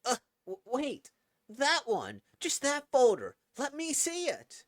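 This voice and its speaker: A flustered older man yelps and stammers in sudden panic, his voice leaping high, as a man acts him out. The sound is close and dry. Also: wildly swooping pitch, takes it slowly, dry recording, full character voice. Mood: panicked.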